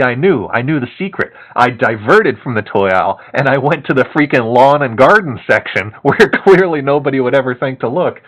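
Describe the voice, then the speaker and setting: A man casually telling a long story to a co-host, animated and laughing often, with many fillers. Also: mid-range voice, poor audio.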